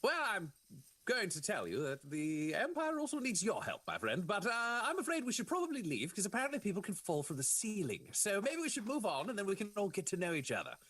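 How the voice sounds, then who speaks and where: A courteous, commanding male Inquisitor, as a man puts him on at a tabletop game. He speaks in a polite, formal, reassuring way, with a lively, lifted voice that sits higher than the player's own. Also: brisk, slightly rough, heavily acted. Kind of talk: tabletop role-play in character.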